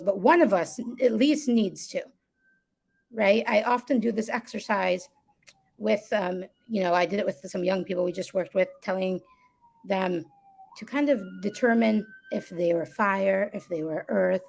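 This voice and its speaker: Husky gravelly-voiced woman guest. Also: mid-range voice, moderate pace, a little mellow. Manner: reflective, often adds "right?". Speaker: guest, listening workshop co-founder. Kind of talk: live conversational explanation.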